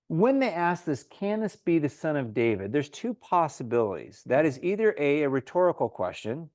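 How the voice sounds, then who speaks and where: A man teaching a Bible study in a relaxed, conversational way, often acting out the crowd's voices in quotes. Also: a little high, no echo, clean studio sound.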